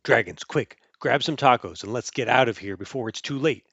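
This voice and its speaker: A man reads a picture book aloud in a playful, animated way, tossing in sound effects as he goes. His voice sits at an ordinary middle pitch and sounds close and dry, a little dull and muffled. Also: brisk, breathy edge, no echo. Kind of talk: casual storybook read-aloud.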